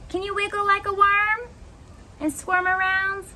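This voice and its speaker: A woman's voice: very high voice, little pitch movement, a little slow, background noise. A woman teacher reading a picture book aloud to young children, asking them encouraging questions as she goes. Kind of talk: children's story time.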